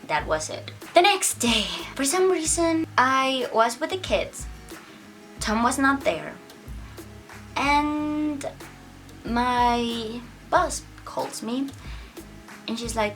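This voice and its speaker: A young woman tells a long personal story at an unhurried pace, chatty and full of fillers. Her voice sits a little back from the microphone, and soft music plays faintly underneath. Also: fairly high pitch, big pitch swings, recorded from a distance. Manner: chatty, many "like" fillers, acts out quotes. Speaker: vlogger telling a personal story. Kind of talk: casual storytime monologue.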